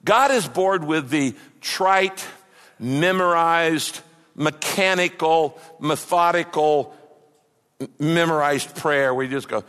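A man preaching a sermon as a pastor, with impassioned delivery that swings from loud cries to mocking mumbles. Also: a little high, slow pace, clean tone. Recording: long hall reverb.

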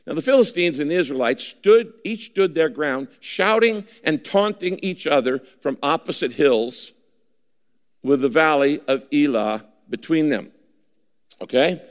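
A man preaching a sermon as a pastor, emphatic and repeating key phrases to drive them home. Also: mid-range voice. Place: church auditorium. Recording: long reverb of a large hall.

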